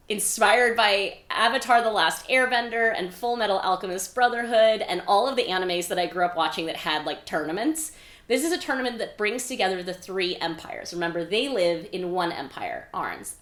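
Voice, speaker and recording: A woman author casually talking through her own novel in a chatty, informal way, with playful swearing and quick paraphrased character quips. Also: on the low side, a bit bright. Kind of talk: casual book discussion. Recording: echoey room.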